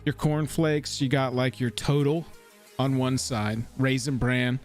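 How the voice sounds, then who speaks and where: A man co-hosting a live stream, chatting casually, excitable and slangy with casual swearing. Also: medium pitch, unhurried, soft background music. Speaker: co-host of a card game live stream.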